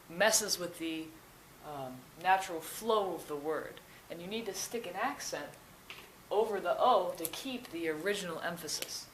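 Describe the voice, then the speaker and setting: Young woman teaching grammar, patient step by step, lowish voice, kinda roomy. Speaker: Spanish teacher. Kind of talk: explaining grammar. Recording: echoey room, faint noise.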